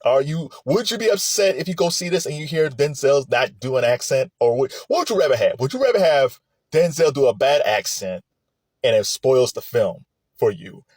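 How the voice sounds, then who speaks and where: A man giving casual vlog commentary about movies, chatty and lively, with frequent restarts and laughs. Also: medium pitch, moderate pace, breathy edge, no echo.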